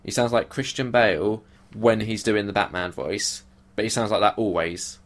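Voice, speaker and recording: Blunt man, lowish voice. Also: normal speed. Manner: blunt, animated, swears freely. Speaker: podcast co-host. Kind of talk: casual chat.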